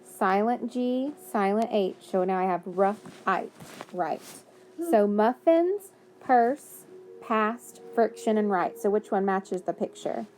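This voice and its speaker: A woman's voice: medium pitch, steady tone, measured pace, hardly any pauses, slight background noise. A woman teaching a phonics lesson to young children, patiently sounding out words and praising answers.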